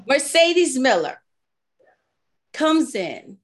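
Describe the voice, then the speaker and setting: Woman, forties or older, animated storyteller, podcast host, slightly high voice. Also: moderate pace. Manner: animated storyteller, laughs often, acts out quoted voices. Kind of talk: casual chat.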